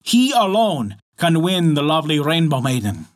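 A man's voice: a little high, sing-song, normal speed, voice pushed up. A man voicing an ancient, homesick male wizard in a storybook reading, speaking in a solemn, formal way. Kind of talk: storybook narration.

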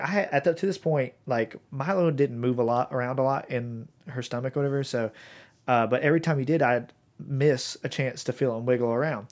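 Rambling male podcast host. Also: medium pitch. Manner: rambling, many fillers and restarts. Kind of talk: casual podcast chat.

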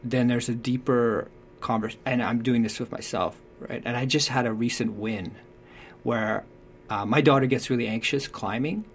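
A man's voice: mid-range voice, fairly even intonation, normal speed. A man talking through parenting advice in a reflective, conversational way, often checking in with "right?".

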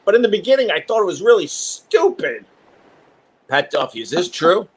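A middle-aged male host chatting on a live stream from his home. He rambles along in a slightly higher voice than most men, salty and wired. His talk is loose and profane. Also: big pitch swings, normal speed, breathy edge. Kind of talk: casual live-stream chat.

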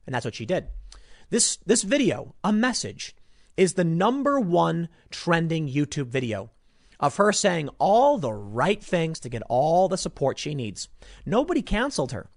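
A man delivering opinionated commentary, sarcastic and mocking, swinging between loud outbursts and muttered asides. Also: fairly high pitch, sing-song, a little slow, no room sound, clean studio sound.

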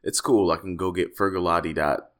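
A man co-hosting a podcast, telling animated, joking stories in casual chat. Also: sits low, fairly quick. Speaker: podcast co-host.

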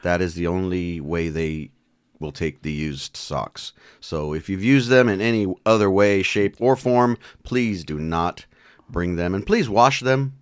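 Deep-voiced wisecracking man on a podcast. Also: unhurried, clear, resonant tone, dry recording. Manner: jokey, wisecracking. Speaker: podcast co-host. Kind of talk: casual chat. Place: small home studio.

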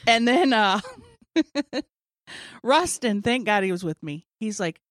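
A woman in her forties spins a long comic story in relaxed conversation, jumping into the voices of the people she quotes and laughing along the way. Her pitch sits in a middle range, and the sound is dry and close. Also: takes it slowly, no echo. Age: 40s. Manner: animated storyteller, acts out quotes, laughs often. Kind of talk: casual storytelling chat.

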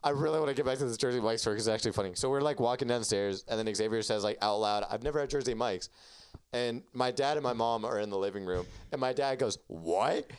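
A man's voice: mid-range voice, quick pace, hardly any pauses, clear, resonant tone. A young man hosting a casual podcast chat with friends, rambling through stories with lots of swearing and laughter. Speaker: podcast host.

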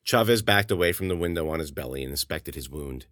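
Deep-voiced man reading a story. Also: expressive, quick pace, fairly bright tone, dry recording, studio quality. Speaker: author and podcast host. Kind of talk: scripted story narration.

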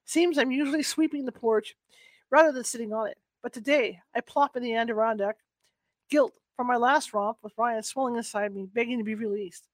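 A woman reading a first-person novel aloud in a soft, unhurried way, with small restarts. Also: on the high side, dry recording. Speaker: book reader.

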